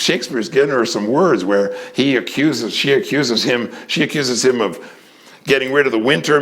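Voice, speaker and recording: A man telling a theater anecdote in a lively way, acting out what people said and stalling with fillers as he hunts for names. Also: on the high side. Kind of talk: anecdotal storytelling.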